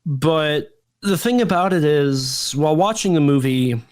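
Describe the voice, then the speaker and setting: A man's voice: on the high side, lively intonation, unhurried, dry recording. A man co-hosting a podcast, giving a rambling, jokey plot recap in casual chat. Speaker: podcast co-host.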